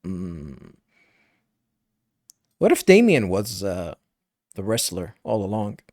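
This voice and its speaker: A man giving casual, rambling commentary over a game, halting and laughing as he reads along. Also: fairly low pitch, sing-song, a little mellow, no echo, studio quality. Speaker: let's play host.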